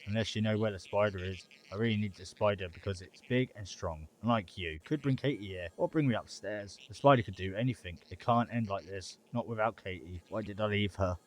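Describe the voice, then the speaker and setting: A man's voice: fairly low pitch, brisk, few pauses, natural voice. A man voicing a desperate, hungry fly that pleads in a hurry.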